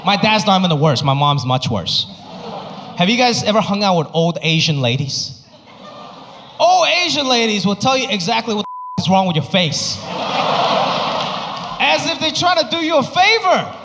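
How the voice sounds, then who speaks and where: A young man from Hong Kong performs stand-up with a high voice that jumps all over its range, spinning animated stories. It is recorded live on stage, with a long hall reverb around his voice. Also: moderate pace, long pauses, background noise. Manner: animated storytelling, flips into his family's voices. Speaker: stand-up comedian. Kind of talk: stand-up comedy set. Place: live comedy stage before an audience.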